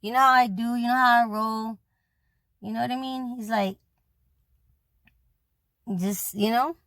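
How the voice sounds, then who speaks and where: Gravelly, blunt-talking woman. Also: a little high, steady tone, a little slow, fairly bright tone, no echo. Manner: loose and blunt, swears freely, heavy on "you know". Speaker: messenger relaying words from a departed man. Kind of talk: casual spoken monologue.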